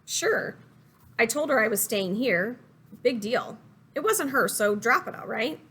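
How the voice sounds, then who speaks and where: A woman's voice: on the high side, lively intonation, a little slow, a bit bright, slightly rough, heavily acted. A woman voicing a blunt, smoke-weary woman. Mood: defensive. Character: weary chain-smoking woman, defensive and blunt.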